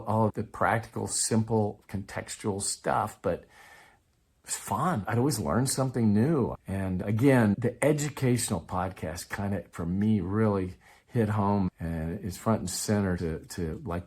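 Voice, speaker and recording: A man's voice: fairly low pitch, breathy edge. A man from Texas, explaining language-learning methods in a casual, conversational way to his viewers. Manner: conversational, with restarts and chuckles. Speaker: Spanish learning coach. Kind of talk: casual explanatory talk to camera.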